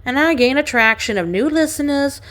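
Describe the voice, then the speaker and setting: A woman's voice: sits high, expressive, a little fast, fairly bright tone, pitched above the performer's own voice. Velvety Cajun demon bat sorceress, languid and purring; woman reader doing the voice. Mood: sultry. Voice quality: smooth, velvety. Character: sultry hellborn bat enchantress woman.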